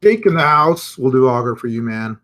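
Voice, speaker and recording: An animated man at medium pitch and moderate pace hosts a live crypto market show. His chart commentary is casual and talkative, and he reasons aloud while reading through the comments from his audience.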